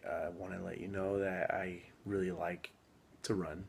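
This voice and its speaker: A young man doing a deadpan parody dating video, halting and hesitant, slipping into whispers and mock emotion. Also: sits low, gravelly, slight background noise. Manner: mock-emotional, rising giddy. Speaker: comedy sketch performer.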